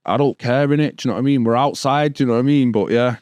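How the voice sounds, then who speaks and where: A man's voice: mid-range voice, fairly even intonation, racing, darkish tone, dry recording. A man from Stockport with a Manchester accent, a podcast guest in his thirties telling stories in casual street slang. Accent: Manchester English. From Stockport, England. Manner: casual street slang, repeated "bro" and "do you know what I mean". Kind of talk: storytelling in a podcast interview.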